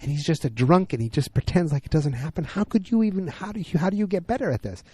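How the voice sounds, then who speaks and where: A man's voice: a little high, huge pitch swings, slow, gravelly, dark tone, breathy edge, no room sound, pitched above the performer's own voice, full character voice. A man doing an upset young secretary. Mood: distraught.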